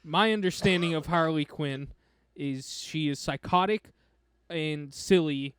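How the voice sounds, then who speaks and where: A man's voice: fairly high pitch, unhurried, clear, resonant tone, no room sound, clean studio sound. A man co-hosting a podcast, talking emphatically in a casual movie discussion. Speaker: podcast co-host.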